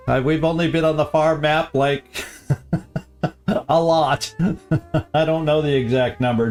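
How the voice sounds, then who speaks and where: A man's voice: a little high, steady tone, slow, pauses often, a little mellow, faint music behind. A man hosting a live game stream, chatting casually and easily, often chuckling and repeating his phrases.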